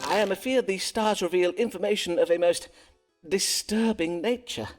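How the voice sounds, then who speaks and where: An actor playing a proud, dramatic Elizabethan astrologer doctor who speaks in archaic, theatrical language. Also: male voice, high voice, normal speed, soft background music, natural voice. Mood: grave.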